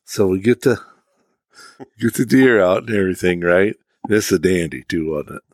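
Brief: lower-pitched male co-host, dry mic, folksy interjections. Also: animated, normal speed, a little mellow, no echo. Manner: chimes in with short agreements and folksy retellings. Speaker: podcast co-host. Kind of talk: casual chat.

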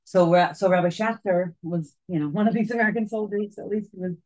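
Woman, storytelling guide, halting with many restarts, mellow warm tone, dull lo-fi sound. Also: mid-range voice. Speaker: tour guide. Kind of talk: telling a story to a group. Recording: dull lo-fi recording.

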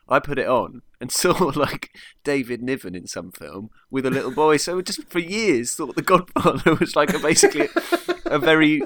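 A man's voice: mid-range voice, fairly bright tone, dry recording. A man co-hosting a casual film review chat, talking loosely with frequent laughs and restarted sentences. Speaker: podcast co-host.

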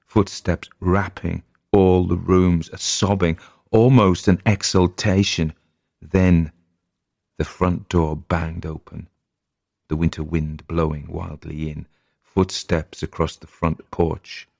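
Deep gravelly man reading a story. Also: a little mellow, no echo, studio quality. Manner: measured, atmospheric storytelling. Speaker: narrator.

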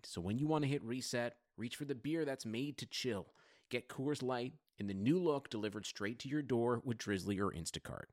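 A man reading a scripted radio ad in a smooth, relaxed delivery. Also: fairly low pitch, moderate pace, no room sound, studio quality. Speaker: ad announcer. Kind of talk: scripted ad read.

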